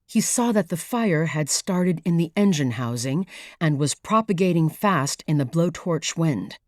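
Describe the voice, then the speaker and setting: This is an audiobook narrator, a woman with a low voice who reads her script unhurriedly in a measured, even way. The studio recording is clean, with no echo.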